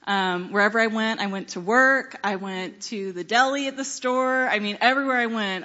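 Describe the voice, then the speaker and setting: Woman, church testimony, earnest storytelling, frequent fillers, medium pitch, dull lo-fi recording. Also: pushed and bright. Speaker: church member giving a testimony. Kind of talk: personal testimony to a congregation.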